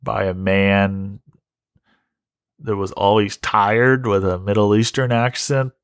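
A man's voice: fairly low pitch, level tone, slow pace, clean tone, dry recording, clean studio sound. A man hosting a comedy podcast, ranting in a rambling, profane way with many restarts. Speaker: podcast host. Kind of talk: casual comedic rant.

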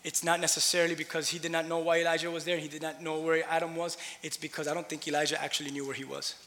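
A man preaching a sermon as a pastor, swinging from loud impassioned preaching to hushed asides. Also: on the high side, flat delivery, racing. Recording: long hall reverb.

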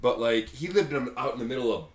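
A man's voice: mid-range voice, expressive, fast, reverberant. A man co-hosting a podcast, telling a rambling story with plenty of swearing and restarts. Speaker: podcast co-host. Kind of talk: casual chat, storytelling.

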